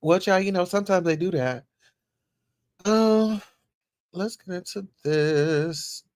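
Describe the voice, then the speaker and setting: A woman's voice: fairly low pitch, slow, darkish tone, no echo, clean studio sound. A woman hosting a casual livestream, chatting as she reads news and viewer comments aloud and reacts to them. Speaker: livestream host.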